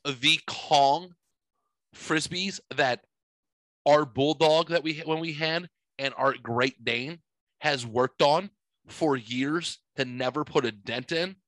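Bright-voiced cussing man in his forties. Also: a little high, slow pace, no room sound, poor audio. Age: 40s. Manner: profane, rambling, animated storyteller. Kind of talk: casual storytelling chat.

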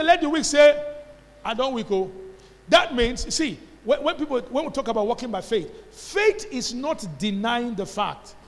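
A man's voice: very high voice, a bit bright. A man with a Nigerian accent preaching a sermon as pastor, emphatic and call-and-response, drawing answers from the congregation. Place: church hall. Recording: long church-hall reverb.

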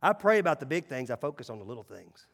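A male pastor preaching a sermon in a church, emphatic, swinging between loud calls and hushed asides. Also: mid-range voice, sing-song, quick pace, long reverb tail. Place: church sanctuary.

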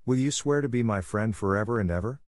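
A man's voice: on the low side, fast, dry recording, studio quality, lightly acted. A man voicing an anxious, talkative orphan girl who loves grand words, in a storybook reading. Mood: eager. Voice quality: earnest, fond of long words.

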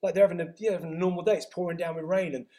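A man's voice: sits high, racing. A man being interviewed, telling stories energetically with lots of restarts and laughs. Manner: energetic, animated storytelling with frequent restarts. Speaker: guest, health author and retreat owner. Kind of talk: casual interview chat.

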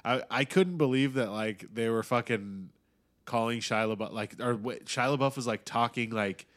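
A young man in casual chat, rambling, swearing often and getting animated when excited. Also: mid-range voice, normal speed.

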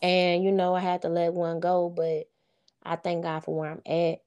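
Earnest woman with a low, mellow voice. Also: completely flat delivery, normal speed, smooth, dull audio. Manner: earnest, heartfelt and informal, with frequent "you know what I'm saying". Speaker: interview guest, single mother of sons. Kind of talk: casual heartfelt interview chat.

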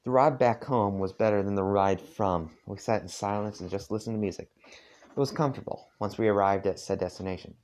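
A man's voice: on the low side, fairly quick, a little mellow. A man reading a fan story aloud in a casual, rambling way, stopping for asides. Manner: rambling, with many fillers. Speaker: fanfic reader.

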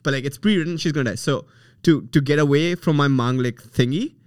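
A man co-hosting a podcast, telling a story in a laid-back, halting way with lots of fillers. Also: fairly high pitch, no room sound, studio quality. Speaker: podcast co-host. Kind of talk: casual podcast banter.

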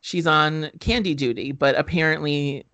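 Higher-voiced guy on a podcast, swearing and joking through a movie recap. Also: normal speed, bright, forceful tone. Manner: profane, joking, filler-heavy storytelling. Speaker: podcast co-host recapping a film. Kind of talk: casual chat.

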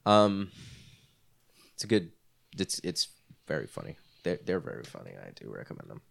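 Young male podcaster, fairly low voice that moves a lot, rambles and curses. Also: sing-song, moderate pace, gravelly, a bit bright, slightly rough. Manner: swearing, rambling, easily annoyed. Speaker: podcast co-host. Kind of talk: casual chat.

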